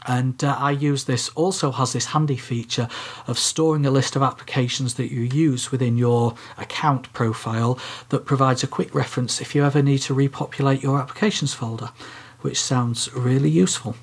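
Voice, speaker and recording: In a relaxed tech podcast chat, this co-host explains things one step at a time, peppering his speech with ums and uhs. He speaks at a normal speed in a steady, breathy, mid-range voice.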